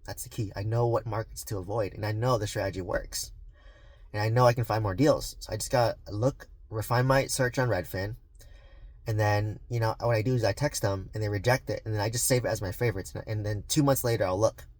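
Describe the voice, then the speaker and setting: Earnest rambling man, low voice. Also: a little fast, a little mellow, no echo. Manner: earnest, rambling, many fillers and restarts. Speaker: real estate investor and coach. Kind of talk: casual vlog talk to camera.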